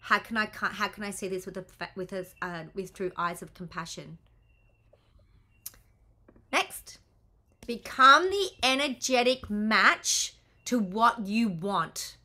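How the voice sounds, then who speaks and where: A woman with a bright, clear tone talks to her practitioners over a video call. She is blunt, excitable and swears freely, in a loose, casual way. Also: mid-range voice, slow pace. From Australia. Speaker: business coach and healer.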